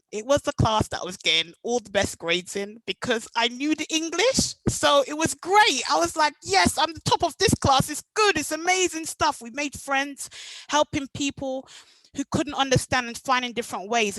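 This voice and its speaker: A young adult woman from Jamaica with a Jamaican accent, telling her own story at a meetup in an animated way. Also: fairly high pitch, no room sound, poor audio. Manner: animated, acts out past dialogue. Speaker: meetup speaker. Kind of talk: personal storytelling talk.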